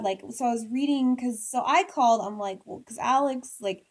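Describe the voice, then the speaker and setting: A pregnant young woman in casual chat, excitable and swearing as she retells events. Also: on the high side, normal speed, hardly any pauses. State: pregnant, almost six months.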